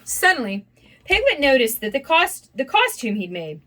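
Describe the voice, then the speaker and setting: A woman reading a children's storybook aloud in an expressive, animated way. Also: high-pitched, normal speed. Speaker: storybook reader. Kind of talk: children's read-aloud narration.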